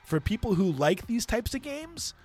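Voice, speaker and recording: Animated man co-hosting a gaming stream. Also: high voice, normal speed, husky. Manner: lively, upbeat, animated delivery. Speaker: co-host of a live gaming show. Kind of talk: casual live-stream chat.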